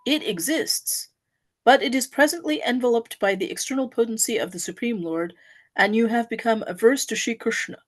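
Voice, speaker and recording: A woman giving a devotional offering, reading a story aloud in an earnest, expressive storytelling manner. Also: a little high, normal speed.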